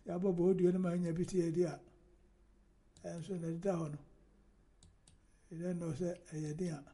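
Man, high pitch, very warm dark tone, rambling emphatic host commentary. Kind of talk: casual political commentary.

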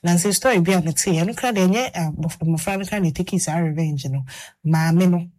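A Ghanaian woman hosts a radio talk show and tells a long story in a lowish voice. She speaks casually, and while her co-host talks she keeps murmuring along in agreement. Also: a little fast, a little mellow. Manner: storytelling, with frequent affirming murmurs.

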